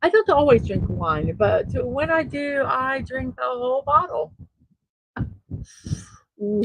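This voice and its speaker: A woman's voice: high-pitched, expressive, takes it slowly, pauses often, breathy edge, no room sound, low-quality recording. A middle-aged woman hosting a daily morning show, chatting casually and laughing at her own jokes. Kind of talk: casual solo show, reading memes aloud.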